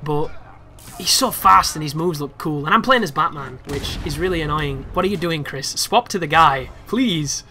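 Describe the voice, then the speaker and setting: A young man talks over his gameplay in a casual, rambling walkthrough. His voice sits a little high and sounds bright and forceful. He gets excitable and swears freely as he chats to his viewers. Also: normal speed. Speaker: gameplay commentator. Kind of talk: casual game walkthrough commentary.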